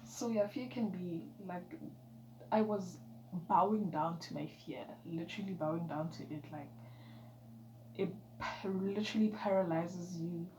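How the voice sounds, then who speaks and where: A woman's voice: fairly low pitch, a little slow. Chatty woman in an echoey room. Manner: emphatic, chatty, with soft whispered asides. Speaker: vlogger. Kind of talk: motivational casual vlog talk. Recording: echoey room with background noise.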